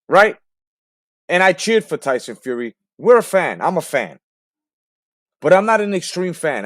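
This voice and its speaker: A man's voice: high-pitched, no echo, studio quality. A man hosting a late-night boxing talk show, ranting heatedly and profanely and firing off rhetorical questions. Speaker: host.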